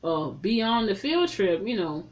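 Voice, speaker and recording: A woman recapping a movie in a casual, blunt and profane way, telling it as a lively story. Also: medium pitch, unhurried. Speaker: movie reviewer.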